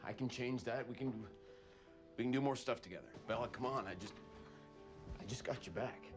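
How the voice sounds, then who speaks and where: Earnest, dejected teenage boy in a film, as an actor plays him. He pleads haltingly at a middle pitch, with clear music playing behind him. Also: natural voice.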